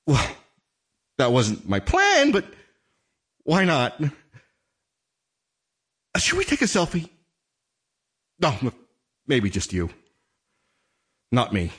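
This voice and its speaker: A man talks in a fairly high voice that swings up and down a great deal. He stammers and restarts often, nervous and halting, as if speaking to someone who never answers. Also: huge pitch swings, breathy edge. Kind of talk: one-sided dramatic monologue.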